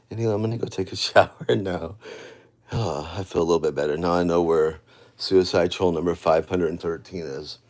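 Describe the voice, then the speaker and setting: A man vlogging in a loose, rambling monologue, often restarting his sentences and sinking into quiet, emotional talk. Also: sits low, moderate pace.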